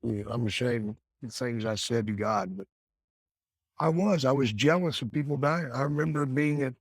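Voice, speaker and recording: A man's voice: mid-range voice, normal speed, no echo, studio quality. A man speaking candidly as a guest in a podcast interview. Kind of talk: reflective conversation.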